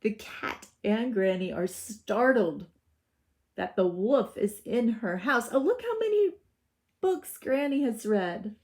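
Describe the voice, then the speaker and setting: A woman teacher reading a storybook aloud to young children, expressive, with gasps and stage whispers. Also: fairly high pitch, slow. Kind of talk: children's read-aloud lesson.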